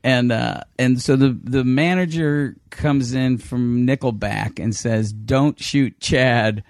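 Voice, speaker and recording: Brief: fifties man, chatty guest, salty rambling anecdotes, middle pitch, dry close sound. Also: slow pace, dry recording. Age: 50s. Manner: profane, rambling, animated storyteller with restarts. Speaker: podcast guest, film director. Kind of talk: casual anecdote telling.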